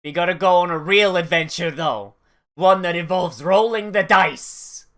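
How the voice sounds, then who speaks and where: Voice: mid-range voice, a little slow, a bit bright. A YouTuber giving casual, sarcastic commentary while watching an anime, swearing often and trailing off mid-sentence.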